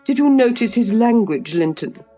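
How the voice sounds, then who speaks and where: A woman's voice: on the high side, very animated, normal speed, mellow, faint music behind, pitched above the performer's own voice. A woman reading aloud, voicing a fussy, easily shocked elderly lady of the manor. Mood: indignant. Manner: indignant and fussy.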